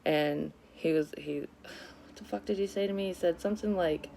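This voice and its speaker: A woman's voice: lowish voice, moderate pace, creaky, mellow, a little hiss or hum. A woman vlogger candidly telling a personal story in a casual, rambling way, with lots of swearing and frequent self-corrections. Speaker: psychic medium vlogger.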